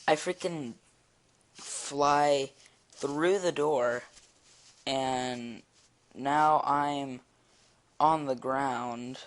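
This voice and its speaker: Teenage guy, gravelly voice, unhurried, rambling storyteller. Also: mid-range voice. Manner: rambling, excitable, lots of fillers. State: eating while talking. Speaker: vlogger. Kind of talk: casual storytelling while drawing.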